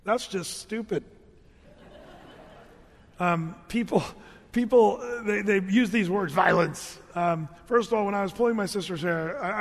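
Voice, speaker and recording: Brief: male pastor, lighter high voice, lively conversational sermon with humorous asides, long hall reverb. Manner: animated, conversational, joking asides. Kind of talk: storytelling sermon.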